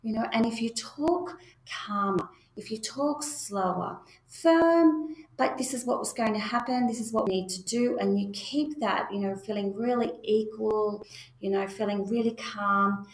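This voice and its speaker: A woman giving a spoken parenting lesson, talking straight to parents in a reassuring way. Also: mid-range voice. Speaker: parenting educator. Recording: echoey room.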